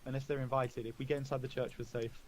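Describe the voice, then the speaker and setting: A man doing a shouting, desperate young nobleman. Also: medium pitch, flat delivery, fast, slight background noise, lightly acted. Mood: urgent. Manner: shouting warnings.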